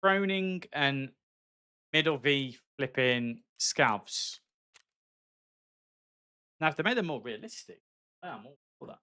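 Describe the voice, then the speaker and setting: A man's voice: mid-range voice, lively intonation, slow, long pauses, bright, forceful tone, smooth. Chatty Black Country man streaming. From West Midlands, England. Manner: chatty, friendly, calls viewers mate. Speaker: game streamer. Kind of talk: casual live-stream chat while gaming.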